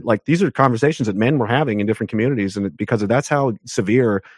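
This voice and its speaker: A man talking as an interview guest, ranting emphatically, with his pitch jumping up sharply on the points he stresses. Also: racing, slightly rough, no echo, clean studio sound. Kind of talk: heated conversational interview.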